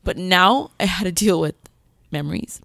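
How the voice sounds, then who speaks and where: A woman telling her life story as a podcast guest, speaking candidly and pausing often with "um.". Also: lowish voice, expressive, gravelly, a bit bright, dry recording, clean studio sound. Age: adult mother with several children. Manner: candid, frequent "um" pauses, acts out her past self. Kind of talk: personal testimony in a podcast interview.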